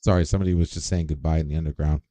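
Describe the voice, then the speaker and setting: A man's voice: extremely low pitch, steady tone, very fast, warm tone, no echo. A man hosting a casual livestream, rambling, swearing freely and greeting chat viewers by name. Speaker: livestream host.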